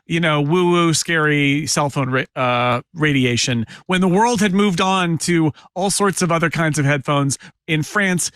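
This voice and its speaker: A wry, opinionated man on a podcast panel with a fairly high voice, talking in quick bursts. The sound is dry and close. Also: a bit bright, clear, resonant tone, no room sound. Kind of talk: casual panel chat.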